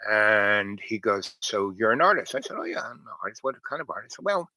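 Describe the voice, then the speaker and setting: A man's voice: on the low side, animated, fairly quick, sharp tone, poor audio. A man telling a long, rambling personal story in a casual way, full of fillers, restarts and quoted dialogue. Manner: meandering, many fillers and restarts, quotes others. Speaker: storyteller host.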